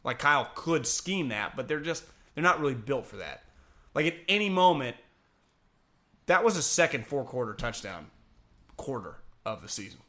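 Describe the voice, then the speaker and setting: A man talking sports in a casual, rambling, animated way, laughing and swearing as he goes. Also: mid-range voice, moderate pace.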